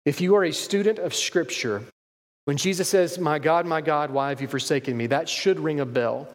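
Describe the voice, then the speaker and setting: A man's voice: a little high, normal speed. Conversational male pastor in a reverberant hall. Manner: conversational, acts out quoted voices. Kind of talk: sermon.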